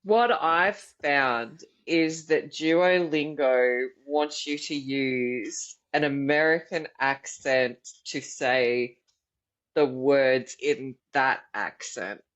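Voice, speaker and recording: A podcast co-host, chatting in a relaxed way and explaining things patiently. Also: mid-range voice, drawn-out words. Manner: relaxed, explanatory, laughs along. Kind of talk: casual chat. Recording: dull lo-fi audio.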